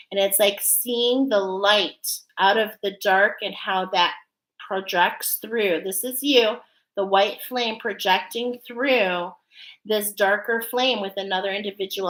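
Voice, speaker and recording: A woman's voice: mid-range voice, a bit bright, poor audio. A woman giving an oracle card reading. She speaks earnestly and effusively and keeps checking in with a questioning "okay?". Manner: emotional, effusive. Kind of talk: spiritual channeled reading.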